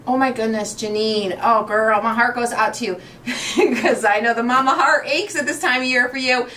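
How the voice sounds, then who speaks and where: A woman's voice: fairly high pitch, normal speed, bright, forceful tone, slight background noise. A woman in her forties hosting a craft show, chatting casually and gushing with emotion. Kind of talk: casual livestream chat while crafting.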